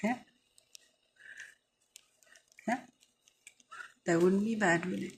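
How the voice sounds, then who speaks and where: A woman in casual chat who mostly gives brief, soft-spoken agreeing replies. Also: mid-range voice, moderate pace, gravelly, breathy edge.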